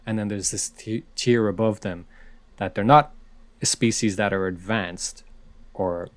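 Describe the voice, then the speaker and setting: A man's voice: on the low side, steady tone, measured pace, no room sound. A man co-hosting a casual film podcast, talking animatedly and repeating words as he builds his point. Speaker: podcast co-host.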